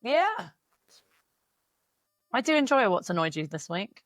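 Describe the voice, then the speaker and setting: A woman's voice: medium pitch, big pitch swings, unhurried, dry recording. A woman in her thirties, co-hosting a podcast, talking frankly and emotionally with some swearing, and speeding up when she vents. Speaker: podcast co-host. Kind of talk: casual podcast chat.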